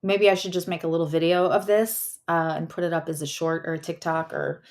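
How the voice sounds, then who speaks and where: A woman's voice: sits low, level tone, brisk. A woman giving a casual astrology and tarot reading, chatty and rambling, often correcting herself mid-sentence.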